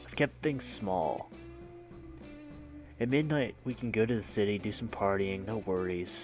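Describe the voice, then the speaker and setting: A laid-back young male party host in a visual novel, as a man reads him, easygoing and a little showy. His low voice stretches the words, over faint music. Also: unhurried, darkish tone, close to an everyday voice.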